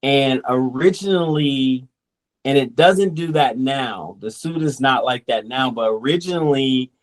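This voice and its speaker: Brief: male comic creator, mid-pitched, loose rambling interview talk. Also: unhurried. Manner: relaxed, rambling, quotes people in asides. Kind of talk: casual interview chat.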